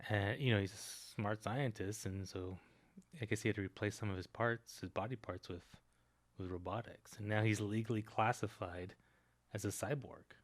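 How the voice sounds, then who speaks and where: A man in an improvised comedy sketch, stating absurd claims in a deadpan, matter-of-fact way. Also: on the low side, normal speed.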